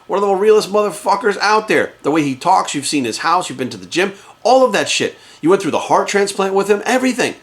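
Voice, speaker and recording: A man in his office talks straight into a camera in a quick, heated rant. His voice sits a bit high for a man, and he swears constantly for emphasis as he pushes his points. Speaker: fitness coach. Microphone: camera in front of him.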